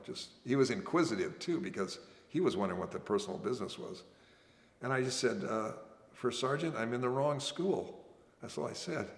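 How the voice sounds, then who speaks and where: A man telling his own story as a veteran, earnest and halting, often restarting his sentences. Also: medium pitch, gravelly. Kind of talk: oral history storytelling. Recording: echoey room with long reverb.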